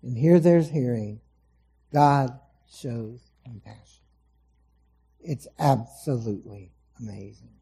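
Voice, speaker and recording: Slow, dark-voiced male preacher. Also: medium pitch, creaky, husky. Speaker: pastor. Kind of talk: sermon. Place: church hall before a congregation.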